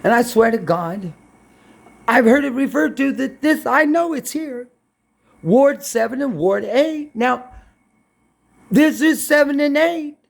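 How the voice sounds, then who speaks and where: A man's voice: very high voice, lively intonation, slow, gravelly, long pauses. A man from Brooklyn, rambling and swearing bluntly as he talks to his camera. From Brooklyn, New York. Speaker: vlogger.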